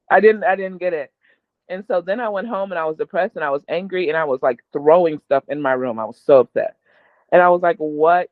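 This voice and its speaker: A woman's voice: on the low side, brisk, no room sound. A woman guest speaking candidly and emotionally about her own life, laughing often as she talks. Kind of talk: candid personal storytelling. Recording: tinny, dry, phone-like line.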